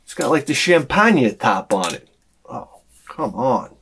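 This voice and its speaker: Animated, rambling vlogger man. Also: medium pitch, a little slow, husky. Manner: rambling, animated storytelling with frequent exclamations. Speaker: YouTube collector vlogger. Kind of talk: casual unboxing vlog.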